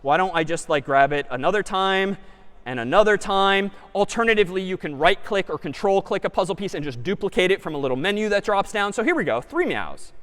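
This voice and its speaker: A man's voice: high voice, fairly quick, a little hiss or hum. A man giving a live computer science lecture, thinking aloud as he works through a demo. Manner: lively and animated, thinking aloud. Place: large lecture hall. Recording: lecture hall with long reverb.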